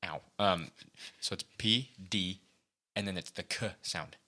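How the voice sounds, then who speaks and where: A man's voice: sits low, a little slow, sharp tone. A young man co-hosting a podcast, rambling casually with lots of restarts and laughter. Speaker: podcast co-host. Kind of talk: casual chat.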